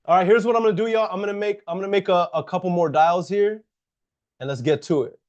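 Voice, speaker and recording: Speaking fast in a high, slightly mellow voice, a real estate investor and coach chats casually on his livestream, tackling comments directly and often starting over or repeating himself. The highs in the audio are cut off.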